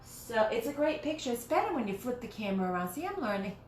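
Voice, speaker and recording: A woman's voice: fairly high pitch, very animated, quick pace. A woman hosting a casual live stream from her dining room, chatting in a rambling way and often restarting her sentences. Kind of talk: casual live-stream chat while crafting. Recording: roomy echoey home room, faint noise.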